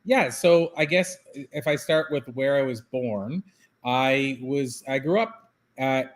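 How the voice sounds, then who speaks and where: A man's voice: mid-range voice, takes it slowly. Man from Canada, author guest, casual and self-mocking, rambles a little. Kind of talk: podcast interview. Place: office by a waterfront.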